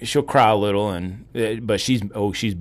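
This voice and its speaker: A man in his thirties chatting casually and relaxed, often chiming in with short agreement. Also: on the low side, normal speed. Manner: relaxed, frequent agreeing interjections. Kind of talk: casual chat.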